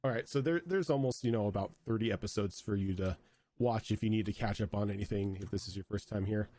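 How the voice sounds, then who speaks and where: A man's voice: lowish voice, quick pace, dark tone. Chatty male game master. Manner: chatty, rambling with fillers. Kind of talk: casual wrap-up chat.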